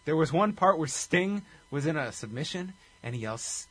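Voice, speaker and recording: A man's voice: a little high, animated, normal speed, few pauses, fairly bright tone, slightly rough, no room sound. A man hosting a casual chat, recapping events in detail. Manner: recaps events in detail, briefly acts out quotes. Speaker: podcast host.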